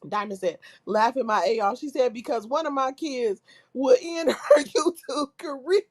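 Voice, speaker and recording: A woman's voice: high voice, normal speed, darkish tone. A woman hosting a casual livestream, reading viewers' comments aloud while laughing helplessly through nearly every line. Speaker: livestream host reading chat.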